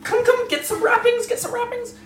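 A woman voicing a flustered, fussy female gnome priest in a squeaky, breathless voice. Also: level tone, fairly quick, echoey room, a little hiss or hum. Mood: earnest.

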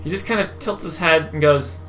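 A man narrating as game master, slowly and with halting fillers. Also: on the high side, fairly bright tone, faint music behind.

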